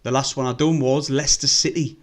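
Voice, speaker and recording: A man with a North East English accent chats away on a live stream as a football fan. His voice sits in an ordinary middle pitch, and he rambles loosely from one thought to the next, swearing now and then. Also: steady tone, brisk. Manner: rambling, chatty, swears freely. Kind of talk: casual live-stream chat.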